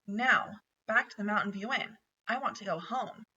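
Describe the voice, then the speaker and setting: A woman's voice: mid-range voice, moderate pace, sharp tone, slightly rough. A woman reading aloud and voicing a bold, impatient young male mouse who talks in an indignant, businesslike way. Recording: dull, distant home recording.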